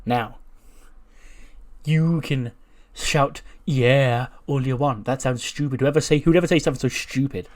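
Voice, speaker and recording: A swaggering male wrestling star, all bluster and sneer, as a man puts him on while narrating a simulated wrestling show. He talks loud and boastful, mocking whoever is in front of him. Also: medium pitch, a little slow, close to an everyday voice.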